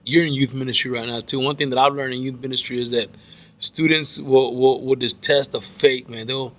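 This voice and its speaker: A man's voice: mid-range voice, fairly even intonation, brisk, a bit bright. A man, a pastor guest on a podcast, telling stories animatedly, repeating words and often saying "man". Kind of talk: casual chat.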